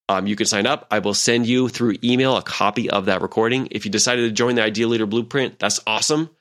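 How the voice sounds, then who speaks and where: A man's voice: medium pitch, fairly bright tone. A man in his forties hosting a podcast as a leadership coach, talking casually with many fillers and acted-out quotes. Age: 40s.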